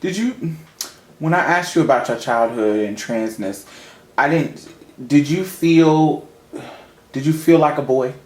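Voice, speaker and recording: A man's voice: fairly high pitch, a little slow, a little mellow. Probing male interviewer, roomy sound. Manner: probing, long winding questions. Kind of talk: interview questions.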